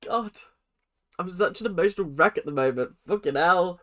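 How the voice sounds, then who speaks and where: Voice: mid-range voice, moderate pace, noisy background. A host giving casual reaction commentary, emotional, swearing and exclaiming often.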